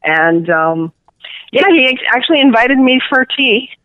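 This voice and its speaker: A woman with a Cuban-New York accent, a guest author, telling a rambling, animated story in a casual interview. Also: high voice, measured pace, no echo. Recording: tinny phone line.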